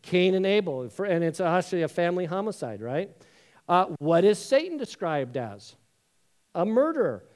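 A man's voice: sits high, very animated, moderate pace, darkish tone. A man preaching a sermon in a conversational, joking way, acting out voices in his stories. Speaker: pastor.

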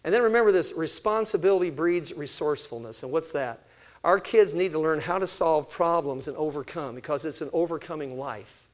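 An older man giving a sermon-style talk on parenting, animated, asking his listeners questions and answering them himself. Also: on the high side, fairly quick. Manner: animated, acts out family conversations. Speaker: parenting speaker.

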